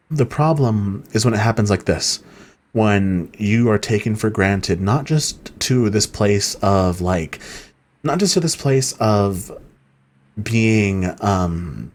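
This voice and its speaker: A man's voice: lowish voice, a little mellow. A man giving let's play commentary, rambling and heartfelt with lots of fillers. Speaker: game streamer.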